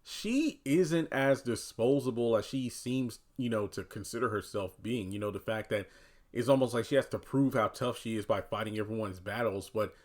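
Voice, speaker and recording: A man's voice: lowish voice, moderate pace. A man giving casual commentary on a TV episode, talking loosely with lots of "you know" and "uh". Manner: animated voicing of quoted characters. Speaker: TV recap commentator.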